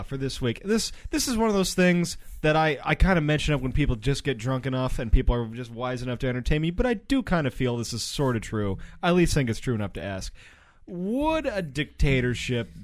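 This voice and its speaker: A man's voice: mid-range voice, very animated, a little fast, no room sound. A young man co-hosting a comedy podcast, rambling and laughing in casual chat. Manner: rambling, laughs often, restarts. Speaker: podcast co-host.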